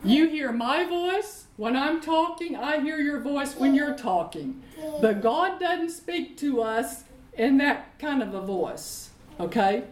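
A middle-aged woman preaching a sermon, reading Bible verses slowly and repeating key phrases. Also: on the high side, slight background noise. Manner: leads call-and-response with congregation. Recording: echoey room.

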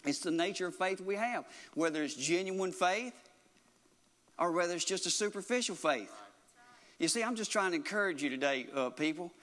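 A man's voice: high-pitched, animated, normal speed, fairly bright tone, long reverb tail. A man preaching a sermon in an earnest, repetitive way, often restarting his phrases.

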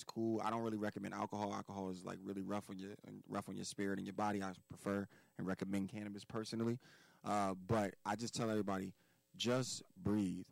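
Man, low-pitched voice, from Philadelphia, podcast guest, preachy and emphatic, swears a lot, dry studio sound. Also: vocal fry, no echo, poor audio. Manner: emphatic, profane and preachy, repeats key words. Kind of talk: casual podcast conversation.

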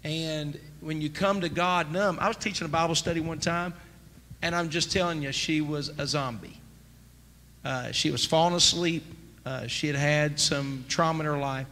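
A man preaching a sermon as pastor, emphatic and rising to near-shouts. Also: fairly high pitch, fairly even intonation, normal speed. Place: church sanctuary. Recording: church sanctuary with long reverb, faint noise.

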